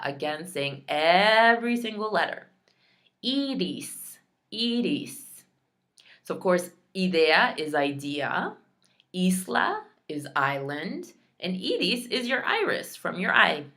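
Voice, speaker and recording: A woman teaching a recorded Spanish lesson, slowly drilling words and repeating each one, with chatty asides between drills. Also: on the low side, fairly bright tone. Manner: slow, careful pronunciation drills, repeating each word.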